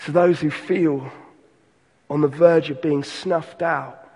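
A pastor giving an earnest sermon, slowing and softening on key lines. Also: male voice, a little high, fairly even intonation, breathy edge, long reverb tail.

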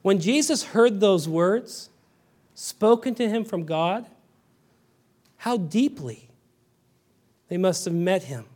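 High-voiced pastor preaching with rising fervor. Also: male voice, big pitch swings, slow, pauses often. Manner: builds to loud fervent emphasis, with frequent restarts; acts out his daughter's voice in stories. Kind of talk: sermon.

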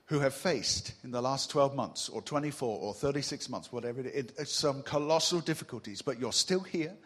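A male preacher giving a sermon to a congregation in a church, animated and humorous, teasing the room with rhetorical questions. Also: medium pitch, normal speed, breathy edge. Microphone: mic on a stage.

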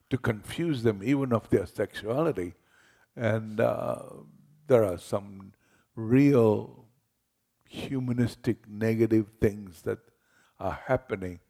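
A man's voice: fairly low pitch, creaky, mellow. A man as pastor, giving a conversational sermon that retells scripture in everyday words.

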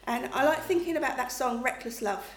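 Middle-aged woman, preacher, conversational and chatty, slightly high voice, roomy echo. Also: a little fast. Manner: chatty, checks in with listeners with "okay?" and "you know". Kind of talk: conversational sermon. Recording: echoey room, faint background noise.

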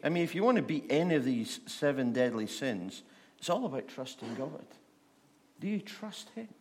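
Man preaching in slow rhetorical questions. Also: mid-range voice, very animated, a little mellow. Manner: repeats rhetorical questions, slowing for emphasis. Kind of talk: sermon.

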